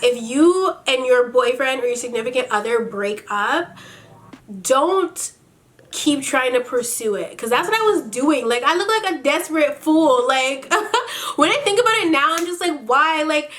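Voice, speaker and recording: Young woman vlogger, higher voice, blunt and sassy storyteller, swears freely, laughs often. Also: a bit bright. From Canada. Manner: laughs often, big swings in pitch. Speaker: beauty vlogger. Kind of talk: casual storytime.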